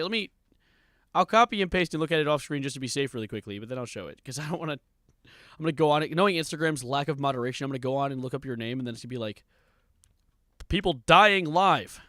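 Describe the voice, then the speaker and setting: A man's voice: fairly high pitch, fairly bright tone, dry recording, clean studio sound. A man livestreaming, casually reacting to clips with wry asides and laughter. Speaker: streamer.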